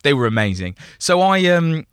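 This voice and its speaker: Young man, guest on a chat show, bright voice, rambling and self-deprecating, dry close sound. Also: a little high, very animated, normal speed, smooth, no echo. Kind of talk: casual storytelling interview.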